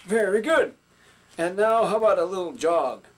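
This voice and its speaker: Voicing a chatty, folksy old puppet, this male puppetry instructor talks with the audience about stage entrances, drifting off into hesitant fillers. His voice sits high, with lively intonation and a moderate pace, in this instructional skit.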